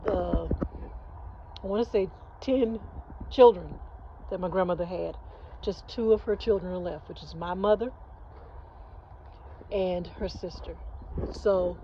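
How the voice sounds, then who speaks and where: A woman in her fifties hosts her own channel, speaking earnestly in a rambling, heartfelt vlog with many restarts. Her voice is fairly low and mellow. She records on a phone at home early in the morning with her face not shown, so the audio is dull with slight background noise.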